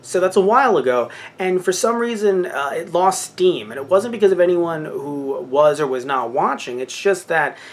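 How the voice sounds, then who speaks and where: A man's voice: a little high, lively intonation, normal speed, hardly any pauses. Chatty young man rambling through updates. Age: 20s. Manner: rambling, chatty, corrects himself mid-sentence. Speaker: channel host. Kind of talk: casual channel update.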